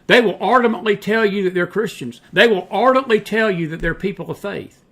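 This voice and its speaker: A man's voice: high-pitched, a little fast, a bit bright. A man hosting a talk show, speaking emphatically and repeating words for effect. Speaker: host. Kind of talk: casual talk show discussion.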